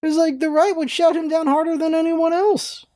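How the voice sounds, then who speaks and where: A woman ranting in a casual vlog, animated and exasperated, laughing often and swearing freely. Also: very high-pitched, normal speed, no echo, clean studio sound. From United States. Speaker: vlogger, show host.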